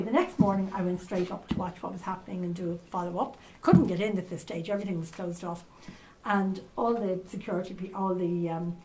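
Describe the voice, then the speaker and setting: An older Irish woman, a journalist, tells stories to a live audience at a conference with lively asides and fillers. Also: mid-range voice, rough recording. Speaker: journalist speaker. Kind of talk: storytelling talk to a live audience. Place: conference hall at a castle hotel.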